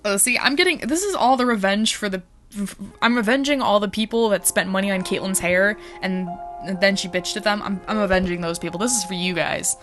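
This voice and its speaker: A woman's voice: medium pitch, brisk, fairly bright tone, faint music behind. Brief: casual woman player, swears and jokes while reading a story game aloud. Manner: casual and profane, jokes at the characters.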